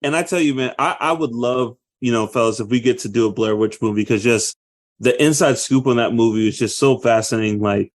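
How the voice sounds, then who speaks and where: Casting: thirties man, podcast co-host, lively storyteller, middle-range voice. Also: medium pitch, a little fast. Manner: animated, acts out movie quotes with loud outbursts. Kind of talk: casual chat.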